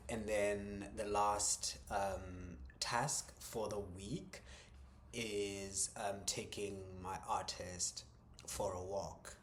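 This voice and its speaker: Low-voiced guy vlogging slow and thoughtful, lots of ums and restarts, slips into whispers now and then, faint hiss behind. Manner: halting, many ums and restarts, soft chuckles. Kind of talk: reflective personal vlog.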